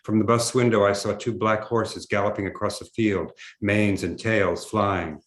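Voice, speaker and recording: Guy reading from his memoir, lowish voice, measured, echoey room. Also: steady tone. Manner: measured storytelling. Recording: roomy echo.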